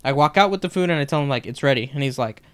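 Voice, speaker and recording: A man's voice: medium pitch, very fast, smooth. A young man co-hosting a podcast, casually retelling work stories and acting out what customers said. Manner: animated, acts out customers' lines in retelling. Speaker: podcast co-host. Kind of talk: casual storytelling chat.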